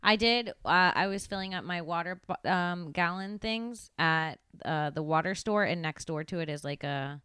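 A woman's voice: lowish voice, normal speed, few pauses, smooth, no room sound, clean studio sound. A young woman co-hosting a podcast in casual chat, telling stories with lots of swearing and acted-out voices. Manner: animated storyteller, swears freely, acts out voices. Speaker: podcast co-host.

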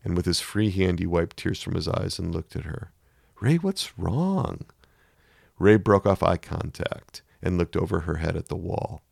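A man narrating a story in a measured, emotive reading. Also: deep voice, little pitch movement, gravelly, a little mellow, husky, no echo, clean studio sound.

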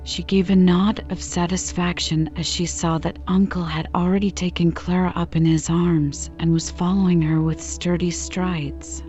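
A woman reading a classic children's novel aloud in calm, unhurried storybook narration. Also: on the low side, soft background music. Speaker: audiobook reader. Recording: slightly dull lo-fi recording.

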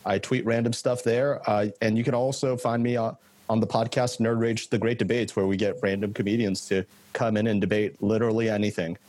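A podcast guest with a low voice talks in a laid-back, agreeable way. The sound is dry and close, with no room in it. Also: male voice, fairly even intonation, brisk, darkish tone, no echo. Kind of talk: casual chat.

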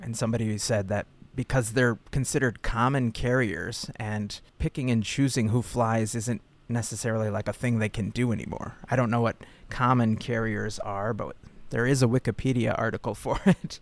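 A man's voice: medium pitch, fairly even intonation, normal speed. A young man co-hosting a podcast, chatting casually and reading posts aloud in a playful way. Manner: playful, reads posts aloud, laughs often. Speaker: podcast co-host. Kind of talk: casual chat.

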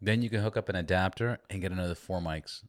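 A man's voice: low voice, fast talker. A man hosting a podcast in casual chat, laid-back and swearing casually, in a small garage room. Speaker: podcast host.

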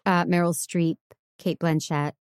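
A woman's voice: fairly low pitch, level tone, measured pace, clear, resonant tone, no room sound, studio quality. A woman co-hosting a film podcast, giving wry, teasing opinions in casual talk. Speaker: podcast co-host. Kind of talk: casual chat.

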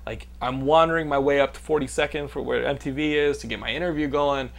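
A man in his thirties from Texas hosting a podcast, telling stories in a loose, animated way, swearing freely and laughing often. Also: mid-range voice, fast talker, creaky. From Austin, Texas. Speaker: podcast host. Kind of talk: casual profane storytelling chat.

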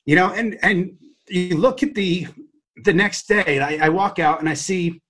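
A man, an educator, telling a personal story to a podcast host in an earnest, heartfelt way, often halting and restarting his sentences. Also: high-pitched, a bit bright. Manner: acts out quoted dialogue.

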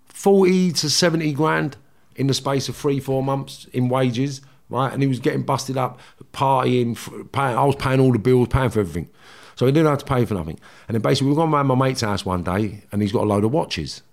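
A man, a guest telling blunt, animated stories in a casual interview and swearing freely. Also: medium pitch, creaky.

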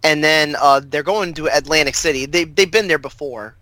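A man's voice: fairly high pitch, normal speed, bright, forceful tone, no echo. A man co-hosting a podcast in casual chat, rambling through stories with fillers and laughs. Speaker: podcast co-host.

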